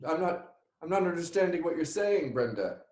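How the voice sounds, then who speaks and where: A woman's voice: on the low side, lively intonation, brisk, darkish tone, lightly acted. A woman playing a flustered, prickly festival announcer in a live improv comedy. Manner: confused and prickly. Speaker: improv performer. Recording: echoey room over a video call.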